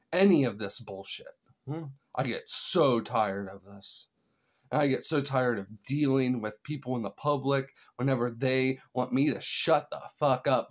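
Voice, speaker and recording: Profane, exasperated vlogger with a lively voice. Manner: swings from loud and heated to low and weary. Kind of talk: solo ranting commentary to camera.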